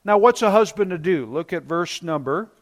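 A pastor in his fifties preaches in a high, light voice. He is emphatic, and he drags out key words slowly to make them land. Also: lively intonation. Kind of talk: sermon.

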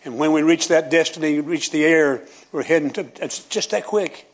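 A man preaching a sermon as pastor, with a Southern preacher cadence, rising at times into loud shouting praise. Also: moderate pace. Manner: builds to high, shouting preaching.

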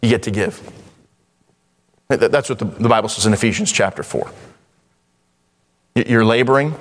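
A man preaching a sermon as pastor, reading scripture in slow King James cadence and breaking into rising emphasis. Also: on the low side. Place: church sanctuary. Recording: long church reverb.

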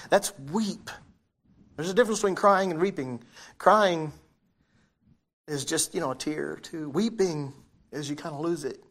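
A man's voice: a little high, fairly bright tone, slightly rough. Man preaching a casual, questioning sermon. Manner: conversational preaching, asks the congregation questions; reads scripture aloud, self-correcting. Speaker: pastor.

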